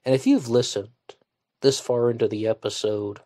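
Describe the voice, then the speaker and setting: A man's voice: medium pitch, steady tone, normal speed, warm tone, dry recording, clean studio sound. A man hosting a solo podcast in casual commentary, blunt and scornful, with frequent fillers and swearing. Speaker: podcast host.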